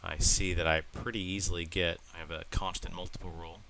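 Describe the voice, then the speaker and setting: A man's voice: low-pitched, flat delivery, brisk, gravelly, noisy background. A man with a cold-nasal voice explaining math problems step by step in a recorded lesson. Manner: plain step-by-step explaining with fillers. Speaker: math teacher.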